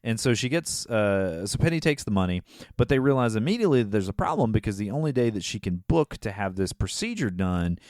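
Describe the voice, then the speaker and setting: A man co-hosting a podcast, recapping a movie in casual chat, often laughing and dropping into quick character voices. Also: on the low side, a little mellow, no echo, clean studio sound. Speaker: podcast co-host.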